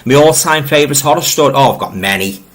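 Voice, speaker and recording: A man's voice: medium pitch, lively intonation, fast talker. A middle-aged man with a Liverpool accent hosts a casual live stream. He reads out viewer comments, rambles, and often repeats words as he restarts. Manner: friendly, addresses viewers directly. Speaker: livestream host reading viewer comments.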